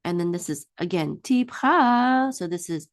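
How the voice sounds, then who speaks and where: A woman teaching a one-on-one Hebrew reading lesson, patiently singing each word out slowly for her student to repeat. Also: on the low side, flat delivery, warm tone, no echo, studio quality.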